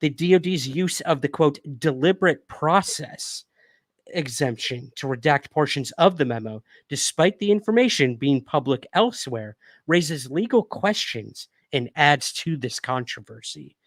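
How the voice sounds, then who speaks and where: A man's voice: on the high side, lively intonation, measured pace, no echo. A young adult man hosting a livestream, chatting casually with viewers and reading news articles aloud, hiccuping a little from whiskey. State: hiccuping after drinking whiskey. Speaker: livestream host.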